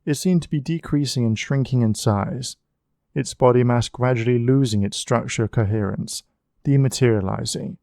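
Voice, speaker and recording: A man narrates an audiobook at a mid pitch, in an even and measured reading. The sound is dry and close-miked. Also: gravelly, no room sound. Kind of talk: scripted narration.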